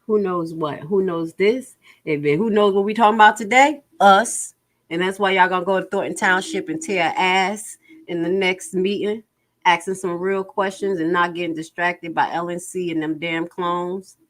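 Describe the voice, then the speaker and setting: A woman's voice: on the low side, steady tone, moderate pace. A woman hosting a casual livestream, bluntly and exasperatedly going over budget figures and reading out viewer comments. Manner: blunt, exasperated, reads chat aloud. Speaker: livestream host.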